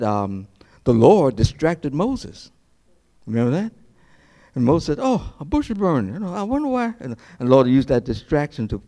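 A male pastor delivering a sermon with a warm, mellow tone and a middling pitch. He talks in an easy, conversational way, often restarting phrases and slipping into small acted-out asides.

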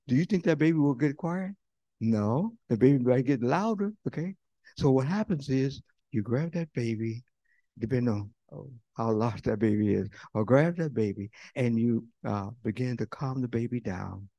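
A man preaching a sermon as pastor, talking conversationally and swinging from loud bursts to hushed near-whispers. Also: medium pitch, normal speed, dry recording, lo-fi sound. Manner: conversational preaching with fillers and quoted voices.

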